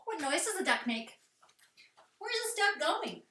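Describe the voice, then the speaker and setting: A woman teaching a playful children's yoga session, talking in a sing-song voice that sometimes drops to soft whispers. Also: sits high, very animated, moderate pace. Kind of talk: guided kids' yoga with animal play. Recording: echoey room, voice from a distance.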